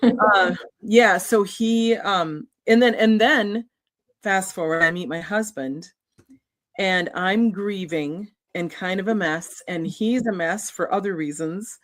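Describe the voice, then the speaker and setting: A middle-aged woman, an author guest, telling a personal story in an earnest, halting, emotional way. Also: medium pitch.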